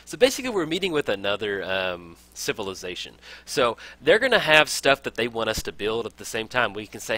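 A man's voice: on the low side, big pitch swings, a little fast, pushed and bright. A young man casually talking through a strategy game as a let's play host, upbeat and enthusiastic, laughing often. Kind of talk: casual game tutorial commentary.

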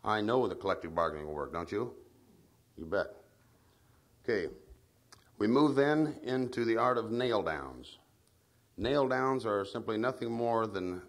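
A man giving a folksy training speech at a meeting, telling anecdotes and drawing the audience in with tag questions. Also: on the low side. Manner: tells anecdotes. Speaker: trainer of field staff.

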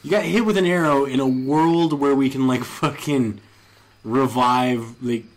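A man's voice: medium pitch, measured pace. A man casually commenting on a video game with a friend, crude and joking, laughing often. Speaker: let's play commentator.

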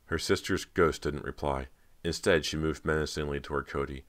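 A man with an extremely deep voice narrates a horror audiobook. His reading is measured and dramatic. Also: steady tone.

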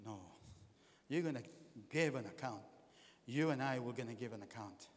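A man's voice: mid-range voice, normal speed. A man, a pastor preaching a sermon in a church hall, calling out questions to the congregation. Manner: animated, calls out to the congregation with questions. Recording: long hall reverb.

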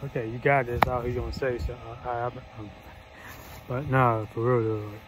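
A man's voice: mid-range voice, steady tone, brisk, low-quality recording. A man hosting a casual reaction vlog, laid-back and slangy, laughing often. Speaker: reaction channel host.

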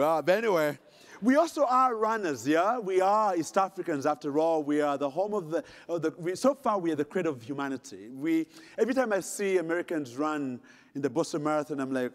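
Speaking to the audience directly in a large conference hall, this middle-aged man from Uganda gives a keynote built around a dramatic story laced with humor. His voice is a little high, expressive and brisk, with a slight hiss or hum and long hall reverb on the recording.

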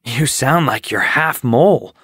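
A man's voice: mid-range voice, expressive, a little slow, a bit bright, husky, dry recording, clean studio sound. A man voicing a young male kitten in an audiobook, curious and hesitant, asking questions. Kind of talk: audiobook character voice.

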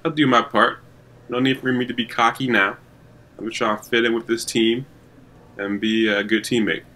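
A man's voice: medium pitch, moderate pace. A man giving casual, joking commentary on a sports video game as a YouTuber. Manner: joking, excitable, chatty. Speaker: gaming YouTuber.

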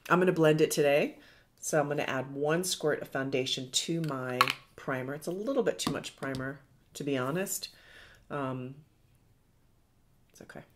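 A middle-aged woman with a notably low voice talks through a makeup tutorial. She chats in a loose, rambling way and pokes fun at herself as she goes. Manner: chatty, rambling, self-deprecating with laughs. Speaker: beauty vlogger.

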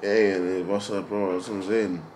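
A man's voice: low-pitched, level tone, moderate pace, darkish tone, a little hiss or hum. A man, chatting casually with friends as a vlogger, telling stories in street slang and swearing freely. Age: 20s.

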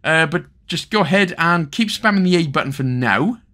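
A man's voice: fairly high pitch, animated, normal speed, pushed and bright, slight background noise. A young man with a Welsh accent talking through a game guide, chatty and joking with lots of asides. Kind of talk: casual gameplay commentary.

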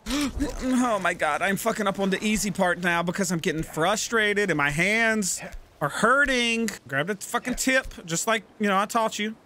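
A man giving gaming commentary, talking himself through moves and yelling and swearing at the game. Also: sits high, animated, measured pace, a little hiss or hum. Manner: swears a lot and yells at the game. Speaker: let's play gamer.

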